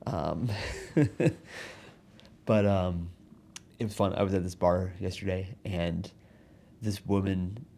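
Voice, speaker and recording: Young man, podcast host, low voice, mellow tone, casual rambling storytelling. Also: takes it slowly, vocal fry, long pauses, a little hiss or hum. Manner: rambling storytelling with many restarts and chuckles. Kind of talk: casual comedic monologue. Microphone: studio mic in front of a backdrop.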